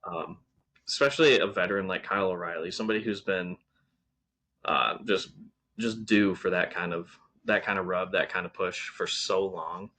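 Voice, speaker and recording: A man's voice: low voice, moderate pace, sharp tone. A man co-hosting a podcast, casually reviewing wrestling shows with lots of ums and restarts. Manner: rambling, frequent ums and restarts. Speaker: podcast co-host.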